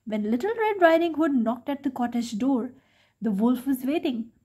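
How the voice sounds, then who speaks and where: Gentle woman reading a bedtime story. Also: sits high, lively intonation, normal speed, husky. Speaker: children's storyteller. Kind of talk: bedtime story read aloud.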